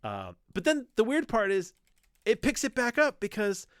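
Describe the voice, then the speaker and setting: Animated man retelling a story. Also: sits high, moderate pace, smooth, no echo, studio quality. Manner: animated storytelling, acts out quoted lines, swears freely. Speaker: podcast host. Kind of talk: casual chat about comics.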